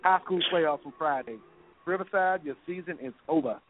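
A man hosting a sports segment on a radio show, reeling off scores quickly and dropping "man" between items. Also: on the high side, no room sound. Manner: rapid score rundown, peppered with "man". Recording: tinny phone-line sound with faint music.

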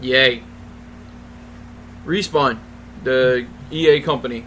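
A male co-host talks through gaming news with eager enthusiasm. His voice is mid-pitched and casual. An air conditioner hums faintly in the room. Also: slow pace, a bit bright, slight background noise, low-quality recording. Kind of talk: casual podcast chat.

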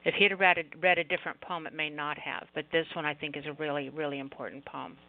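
A woman's voice: sits low, fairly even intonation, fast, a little hiss or hum. A woman hosting an online open mic poetry show, chatting casually with a caller and bantering affectionately. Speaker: radio show host. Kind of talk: casual chat. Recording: tinny phone line.

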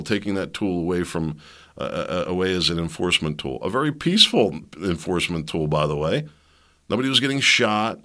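A man's voice: low-pitched, sharp tone. A man hosting his own podcast from his basement, talking in a rambling way with many restarts. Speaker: podcast host. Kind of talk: casual opinion monologue. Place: home basement.

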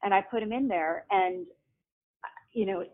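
A woman's voice: medium pitch, measured pace. A middle-aged woman, a guest author, telling personal stories in a casual, chatty way, laughing often and restarting sentences. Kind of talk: casual storytelling. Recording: tinny phone line.

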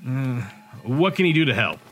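A man voicing a gruff, cynical male private investigator in an audiobook, sardonic and grumbling. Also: mid-range voice, very animated, moderate pace, a bit bright, faint music behind. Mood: skeptical.

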